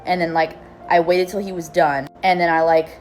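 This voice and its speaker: A woman's voice: fairly low pitch, moderate pace, faint music behind. A young woman casually telling a comic personal story to camera in a blunt, candid way. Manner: candid, blunt, lively retelling with swearing.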